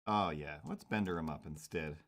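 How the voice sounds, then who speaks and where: While drawing cartoons on stream, a man thinks aloud in a casual running commentary, rambling with plenty of fillers. His voice is very deep yet fairly bright in tone, at a moderate pace.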